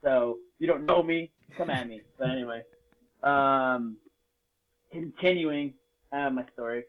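A man from Las Vegas telling a story in a casual chat, swearing freely, joking and getting animated. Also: mid-range voice, unhurried. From Las Vegas, United States. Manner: profane, jokey and animated. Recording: tinny phone-like sound.

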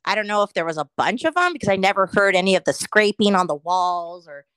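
A middle-aged woman co-hosting a casual podcast, telling a story with constant swearing and lively animation. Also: medium pitch, fast talker, clear, resonant tone, no room sound. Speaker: podcast co-host.

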